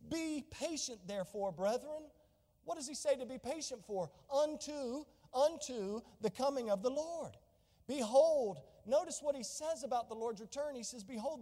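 With an extremely high, mellow voice filling a large hall, a male pastor delivers a sermon in church. He reads scripture aloud in old wording and poses questions to the congregation.

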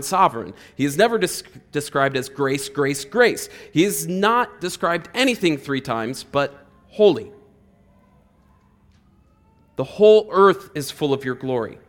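A man preaching a casual, conversational sermon in a church, full of "like" fillers and rising loud on repeated words. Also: medium pitch. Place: church hall.

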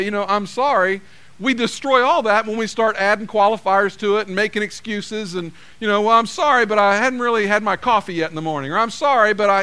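With a high, clean voice that comes across pushed and bright, the pastor preaches plainly to his listeners. He performs the things people say to each other as he goes.

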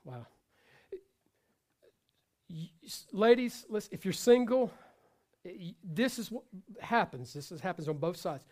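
A man's voice: high-pitched, lively intonation, measured pace, long pauses. A man preaching a sermon to his congregation, talking in a loose, conversational way with frequent repetitions and asides. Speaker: pastor.

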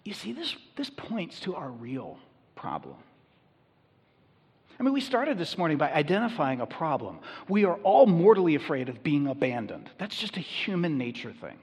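A man's voice: fairly high pitch, wildly swooping pitch, normal speed, a little mellow, husky, long reverb tail. A man preaching a sermon as a pastor, conversational and emphatic.

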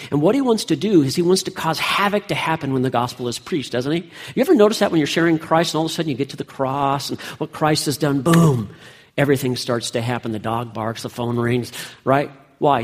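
A man's voice: fairly high pitch, slightly rough. A man preaching a sermon as pastor, with emphatic delivery that rises and falls.

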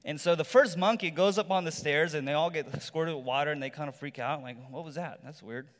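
A man's voice: on the high side, brisk. Man preaching in a reverberant hall. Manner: conversational storytelling with rhetorical asides. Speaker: pastor. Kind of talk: sermon. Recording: long reverb from a large hall.

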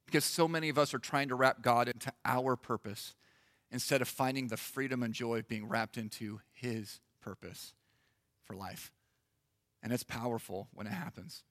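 A man preaching in church, lively and animated, acting out little voices for the congregation. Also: medium pitch, normal speed, no room sound, studio quality, long reverb tail. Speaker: pastor. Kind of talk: sermon. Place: church hall.

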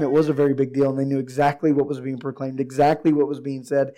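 Hoarse pastor preaching, dark-toned. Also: male voice, mid-range voice, fast talker, hardly any pauses. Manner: reads scripture aloud, rises to excited emphasis. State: hoarse, recovering from illness. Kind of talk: sermon.

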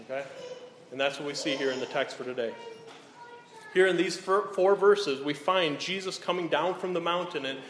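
A man's voice: a little high, moderate pace, a bit bright. Preaching man in an echoey hall. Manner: earnest, repeats "okay?" to check in. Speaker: pastor. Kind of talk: sermon. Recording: echoey hall, faint room noise.

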